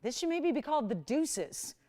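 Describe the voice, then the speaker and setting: Bright-voiced shopping channel hostess. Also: female voice, sits high, big pitch swings, normal speed. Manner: chatty, enthusiastic, talks to callers. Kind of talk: live sales pitch.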